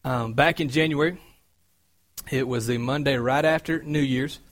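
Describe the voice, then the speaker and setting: A man preaching a sermon in a conversational, storytelling way, growing animated as he recounts events. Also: mid-range voice, moderate pace.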